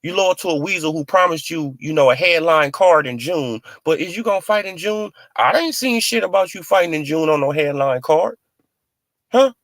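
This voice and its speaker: Fast-talking male boxing vlogger with a slightly high voice, dry close sound, heavy slang. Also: no echo. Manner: animated, mocking, heavy on "you feel what I'm saying". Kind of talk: casual slang-heavy commentary.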